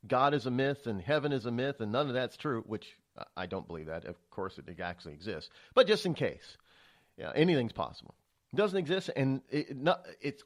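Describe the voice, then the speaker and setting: A man hosting a political talk radio show, rambling and stammering through a monologue with many restarts. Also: mid-range voice.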